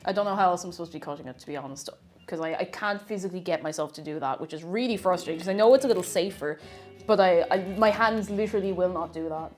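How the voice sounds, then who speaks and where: A woman's voice: lowish voice, fast talker, darkish tone, soft background music. A woman chatting casually to viewers while cooking on a livestream, greeting them and laughing at herself. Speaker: streamer.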